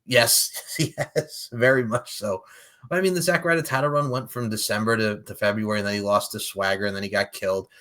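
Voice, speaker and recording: A man's voice: lowish voice, fairly even intonation, brisk, a bit bright. A man with a New York accent hosting a podcast, chatting casually with frequent laughs and swearing. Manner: laid-back, profane, laughs often. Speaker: podcast host.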